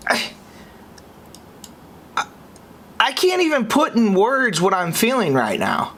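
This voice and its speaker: A young man from the United States hosting a podcast, reacting in an exasperated way that swings between high outbursts and low muttering. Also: wildly swooping pitch, slow, pauses often, fairly bright tone, a little hiss or hum. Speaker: podcast host.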